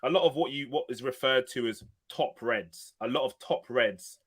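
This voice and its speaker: A man from Liverpool hosts a casual podcast chat in an ordinary mid-range voice. He keeps agreeing and fills his pauses with ums. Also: medium pitch. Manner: relaxed, agreeable, many affirmations. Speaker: podcast host.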